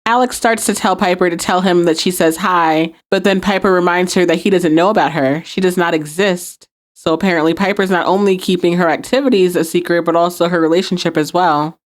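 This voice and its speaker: A woman's voice: lowish voice, fairly even intonation, brisk. A woman hosting a podcast, recapping and reviewing a TV episode and acting out quoted lines. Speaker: podcast host.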